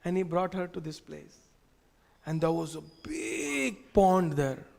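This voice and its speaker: A man, teaching a scripture class and telling stories in an animated way, asking the audience questions. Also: high-pitched, takes it slowly, gravelly, a little hiss or hum. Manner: animated, asks the audience questions, uses gestures. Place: temple hall. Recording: long reverb in a temple hall.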